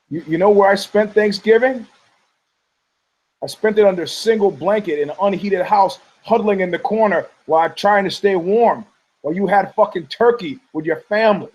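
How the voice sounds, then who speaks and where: A man's voice: sits high, normal speed, low-quality recording. A male podcast host giving rambling, combative commentary, profane and heated, often stumbling over restarts.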